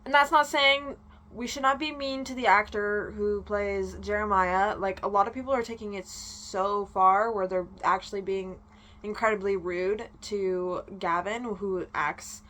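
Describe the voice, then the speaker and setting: A young woman vlogger ranting in casual chat, animated and swearing freely. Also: mid-range voice.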